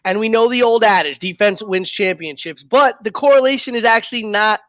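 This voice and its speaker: A man's voice: sits high, brisk, a bit bright, dry recording. A man hosting a sports podcast, polling his co-hosts for picks and laying out analysis. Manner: analytical, moderating. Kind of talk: casual sports talk.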